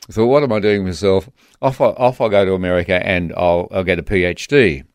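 An Australian man speaks as a guest on a radio interview, earnest and a little halting, often circling back to restart a thought. His voice sits low. The studio sound is close and dry with no room echo. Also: steady tone, smooth. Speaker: guest author.

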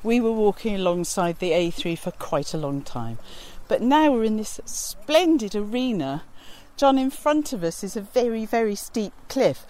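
A woman's voice: mid-range voice, lively intonation, moderate pace, hardly any pauses, mellow. A woman radio presenter chatting enthusiastically on an outdoor walk, recorded outdoors on a handheld recorder. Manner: enthusiastic, chatty, laughs often. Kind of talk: outdoor radio feature chat.

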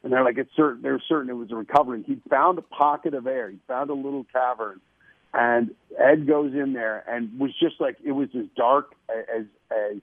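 Male guest on a phone-in, husky and dry, enthusiastic, repeats himself. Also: mid-range voice, normal speed, dry recording. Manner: enthusiastic, repeats words when excited. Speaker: guest promoting a TV show. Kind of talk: casual radio interview. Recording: tinny phone-line sound.

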